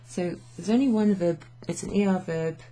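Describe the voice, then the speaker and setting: A young woman records a chatty French lesson from her home office with a standing desk, mixing English and French and laughing frequently. Her voice sits on the low side and is mellow, and she keeps a moderate pace.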